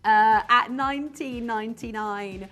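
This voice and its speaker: A woman's voice: on the high side, unhurried, fairly bright tone, highs cut off, faint music behind. A woman presenting live on a shopping channel, chatty and enthusiastic as she banters with colleagues off camera. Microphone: studio mic.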